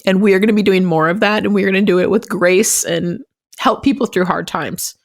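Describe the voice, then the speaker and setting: A woman's voice: mid-range voice, brisk, no room sound, clean studio sound. A woman co-hosting a podcast in casual chat, emotional and tearful, swearing freely, recorded over a remote call. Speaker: podcast co-host and realtor.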